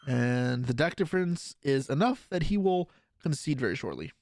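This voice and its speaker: A man's voice: medium pitch, lively intonation, normal speed. A man casually commentating his own card game play on a live stream, joking and swearing. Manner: laid-back, jokey, swears and laughs often.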